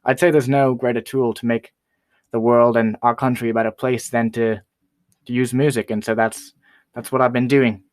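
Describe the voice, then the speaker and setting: A man's voice: mid-range voice, level tone, normal speed, dry recording, studio quality, natural voice. A man playing a boastful, self-important rapper who is a guest on a comedy talk show. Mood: smug. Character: boastful young male Canadian rapper, royalist.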